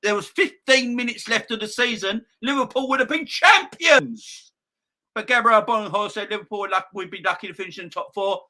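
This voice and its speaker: A young man hosting a football fan channel, ranting loudly and excitably with plenty of swearing. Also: high voice, a little fast.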